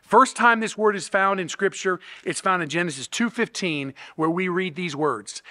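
Man, pastor, sermon, earnest teaching, high voice, bright tone. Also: normal speed, in a large hall. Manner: earnest teaching, with restarts and rhetorical "okay?" and "right?".

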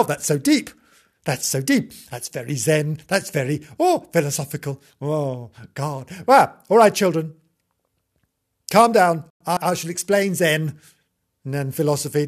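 A man reading a children's book aloud in a mock-sweet tone, with cheeky ad-libbed asides and giggles. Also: on the high side. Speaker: comic storyteller.

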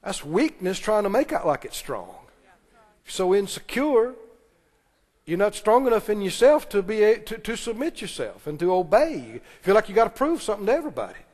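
A man preaching a sermon as pastor, retelling scripture with animated, dramatic delivery. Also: high voice, brisk, long reverb tail.

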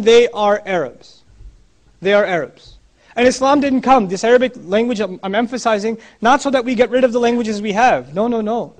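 Male preacher, high voice, passionate lecture delivery with heavy repetition for emphasis. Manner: passionate, repeats key phrases for emphasis; quotes Arabic scripture.

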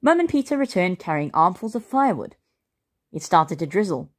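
A woman reading a children's story aloud as a storyteller, expressive and playful. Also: on the low side, brisk.

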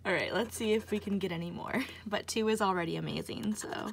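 A woman filming a casual vlog as she plays scratch-off tickets, gasping, laughing and slipping into whispers as she gets excited. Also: medium pitch, brisk, gravelly, slight background noise. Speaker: lottery scratch-off vlogger. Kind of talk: casual chat to camera.

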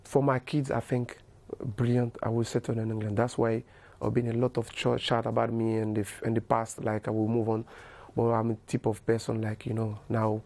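Soft-spoken man with gravelly voice. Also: mid-range voice, completely flat delivery. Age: 30s. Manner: halting, repeats words, many "you know". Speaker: guest footballer. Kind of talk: casual interview chat.

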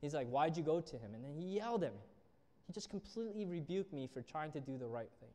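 Preaching in a church hall with long reverb, a young man speaks a little high and mellow, fast and with lively intonation. As a youth pastor, he tells stories and acts out the characters he quotes.

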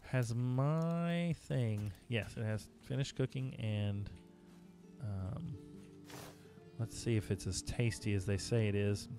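A man's voice: lowish voice, slow pace. Chatty male gamer streaming live. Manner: chatty, talking to chat while playing. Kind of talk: casual live-stream gameplay chat. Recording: music playing behind.

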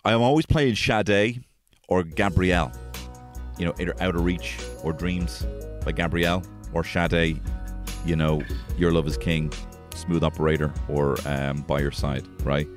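A man hosting a podcast, telling casual stories about his family, swearing freely and jumping into high-pitched voices when quoting people. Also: measured pace, music in the background. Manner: swears freely, animated, acts out quotes in a high voice. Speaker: podcast host. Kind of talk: casual storytelling chat.

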